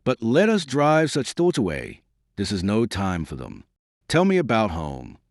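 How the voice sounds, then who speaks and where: An earnest, gentle young peasant heroine of an audiobook novel, as a man reads her lines in a low voice. She pleads softly for peace, her phrasing rising and falling with feeling, recorded close and dry. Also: big pitch swings, moderate pace, no room sound. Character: devout young peasant girl turned commander, gentle.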